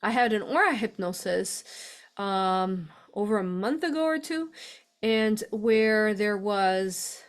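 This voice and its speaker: Taking her time, an American woman with an animated, medium-pitched voice hosts a spiritual live show. Her talk is chatty and gushing, full of laughter and filler words.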